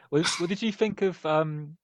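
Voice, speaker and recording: A man, a guest on a podcast in casual chat, asking curious questions and restarting often. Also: fairly high pitch. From England. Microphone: video call. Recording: dull, dry video call audio.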